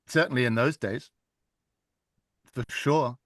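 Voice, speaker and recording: A man's voice: mid-range voice, slow pace, a bit bright, no echo. Chatty male audiobook narrator, dry sound. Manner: chatty, self-deprecating, laughs often. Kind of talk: casual conversation.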